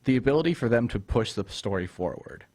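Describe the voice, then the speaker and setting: A man's voice: mid-range voice, lively intonation, fast talker, a little mellow. A young man hosting a casual film review chat, ranting with exasperation about a character and retelling scenes. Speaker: host.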